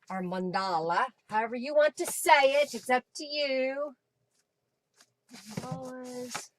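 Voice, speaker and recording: Slow, chatty woman crafting live. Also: fairly high pitch, a little hiss or hum. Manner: chatty and rambling, thinks aloud while searching. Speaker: host of a live crafting stream. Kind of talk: casual live demo chat. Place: home craft room at a desk.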